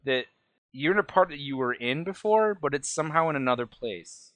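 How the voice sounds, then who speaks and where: A man's voice: a little high, animated, brisk, a bit bright, no echo. A man running a tabletop game as game master, describing scenes hesitantly with many ums and restarts.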